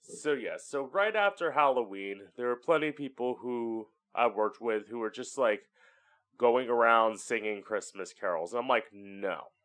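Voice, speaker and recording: Recording from home, this podcast host speaks at a normal speed in an expressive, slightly bright mid-range voice. His solo monologue is casual, candid, and chatty, peppered with swearing and voices he acts out for effect.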